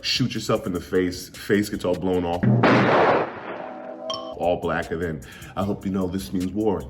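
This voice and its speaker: Lively deep-voiced young man recapping a comic. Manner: animated, slangy, jokey, laughs often. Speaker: manga reviewer. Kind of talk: casual comic chapter recap.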